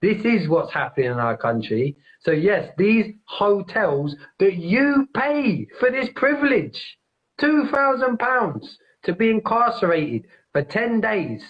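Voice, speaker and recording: A man speaking emphatically in a casual podcast chat, repeating his points and appealing directly to listeners. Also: sits high. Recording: dull lo-fi audio.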